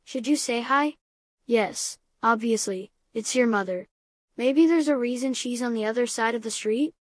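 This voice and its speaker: A woman reading scripted comedy narration, giving absurd advice in a calm, matter-of-fact way. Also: fairly high pitch, moderate pace, no echo.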